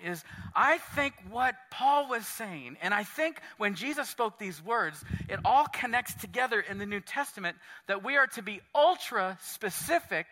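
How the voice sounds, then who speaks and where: A man preaching a sermon as pastor, earnest, acting out prayers and quotes in his own voice. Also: pushed and bright. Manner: earnest, acts out prayers and quotes with shifting pitch. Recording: long hall reverb.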